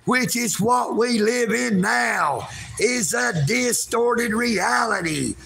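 A man, vlogging outdoors at a park in a folksy, rambling way that bursts into shouting. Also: extremely high pitch, animated, slow pace, creaky, slightly rough, faint music behind. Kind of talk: rambling livestream vlog.

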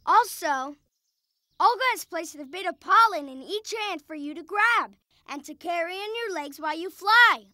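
A woman voicing a patient, encouraging female cartoon animal teacher with a gentle, instructive manner. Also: extremely high pitch, animated, moderate pace, no echo, exaggerated voice. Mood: coaching.

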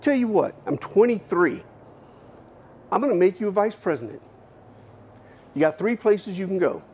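Man putting on a high drawling Texan country boss. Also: big pitch swings, moderate pace, darkish tone, breathy edge, exaggerated voice. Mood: folksy, commanding. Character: gruff older Texan country boss, blunt and jovial.

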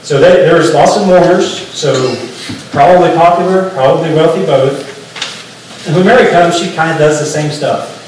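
Preacher in a very echoey church. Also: male voice, on the high side, moderate pace, a little mellow, recorded from a distance, slight background noise. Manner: explanatory, conversational preaching with restarts. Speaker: pastor. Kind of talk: sermon. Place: church sanctuary.

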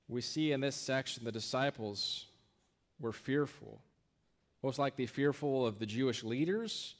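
A man's voice: medium pitch, normal speed. A male pastor preaching a sermon in a conversational way, often restarting phrases and checking in with "right?".

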